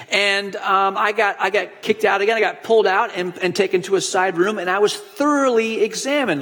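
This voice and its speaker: A pastor delivering a conversational sermon, telling stories with frequent restarts. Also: male voice, high voice, a bit bright, big-room sound. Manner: conversational storytelling preacher with restarts.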